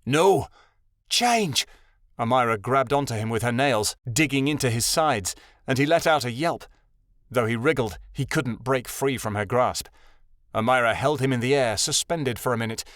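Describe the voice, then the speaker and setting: A man narrating a young adult fantasy audiobook in an even, measured reading. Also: medium pitch, no echo, studio quality. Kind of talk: scripted narration.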